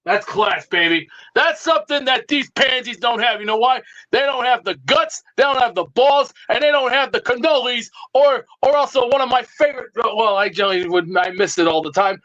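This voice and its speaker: A man's voice: extremely high pitch, brisk, few pauses, pushed and bright, dull audio. A man calling in to a sports talk show with a blustering, drill-sergeant style rant. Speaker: regular caller. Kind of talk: ranting call-in bit.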